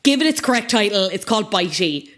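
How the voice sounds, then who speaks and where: A woman's voice: mid-range voice, sing-song, fairly quick, fairly bright tone, a little hiss or hum. A young woman co-hosting a podcast in casual chat, playful and chatty, often laughing as she talks. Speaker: podcast co-host.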